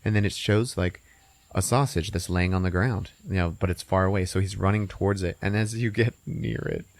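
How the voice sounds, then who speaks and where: A man's voice: low voice, steady tone, brisk, no room sound. A man hosting a podcast, rambling and swearing as he recaps a movie. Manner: rambling, laughing, profane. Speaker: podcast host.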